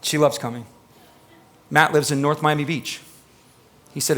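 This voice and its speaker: A male pastor preaching live in church, his voice bright and pitched a little high. He talks emphatically but conversationally and keeps turning to quiz members of the congregation. The energy stays direct and personal. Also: steady tone, measured pace. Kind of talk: live sermon.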